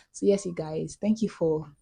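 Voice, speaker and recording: A woman's voice: lowish voice, warm tone, breathy edge. A young woman in her twenties with a Nigerian accent, talking casually in a vlog voiceover, chatty and prone to repeating herself. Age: 20s. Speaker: vlogger.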